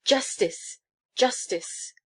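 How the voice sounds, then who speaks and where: A woman's voice: medium pitch, normal speed, lightly acted. A woman reading a storybook, voicing a pushy, clinging old countess who shrieks and gushes. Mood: shrieking. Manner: shrieking, gushing and pleading.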